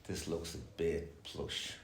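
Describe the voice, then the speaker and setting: A middle-aged man with an extremely low voice takes his time, his delivery flat. At a recovery meeting he offers a candid, rambling share laced with profanity, in an echoey room with faint noise.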